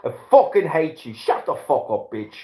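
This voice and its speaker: A man's voice: a little high, sing-song, moderate pace, voice pushed up. A man doing a ranting Northern Irish bigot. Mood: furious. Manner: ranting, shouting abuse. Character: furious foul-mouthed Northern Irish man, hateful. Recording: roomy echo.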